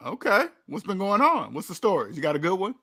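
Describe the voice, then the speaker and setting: A man with a slightly high voice hosts a casual call-in chat. He hammers his points home through repetition and laughs easily. The sound is dry and close, with no room echo. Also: sing-song, fast, sharp tone, breathy edge. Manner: emphatic, repetitive, laughs often. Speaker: podcast host.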